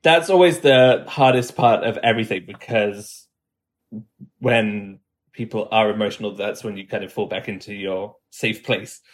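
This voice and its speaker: A man's voice: on the low side, normal speed. A man coaching in easygoing podcast chat. He demonstrates sounds as he goes and laughs easily. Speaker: guest accent coach.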